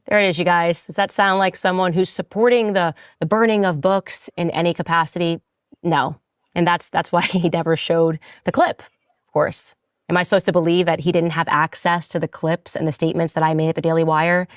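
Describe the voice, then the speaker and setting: A woman's voice: on the low side, steady tone, a little fast, dry recording, studio quality. A woman in a played clip, arguing her case indignantly with pointed rhetorical questions. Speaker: commentator defending herself.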